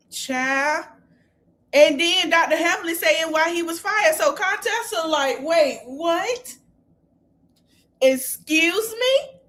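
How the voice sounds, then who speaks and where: A woman with a high voice and a lilt hosts a casual podcast recap. She retells the arguments with lively exclamations, slipping into the cast members' lines as she goes. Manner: animated retelling, acting out quotes with exclamations. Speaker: podcast host.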